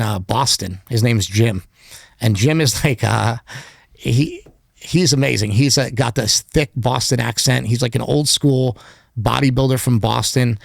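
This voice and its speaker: A man's voice: mid-range voice, gravelly, no echo, clean studio sound. A man speaking as a podcast guest in casual interview talk, candid and rambling, with lots of filler words. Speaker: podcast guest, documentary filmmaker.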